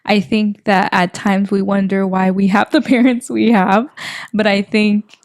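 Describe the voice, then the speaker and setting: A young woman in her twenties co-hosting a podcast, telling stories in a rambling, warm, casual way with many fillers. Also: medium pitch, little pitch movement, measured pace, no echo, clean studio sound. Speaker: podcast co-host.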